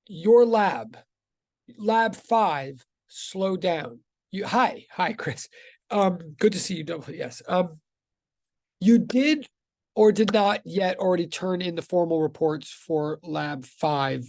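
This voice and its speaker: A man's voice: high voice, takes it slowly, a little mellow, no echo. Rambling man teaching physics online. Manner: rambling, self-interrupting, chatty. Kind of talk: casual online class intro.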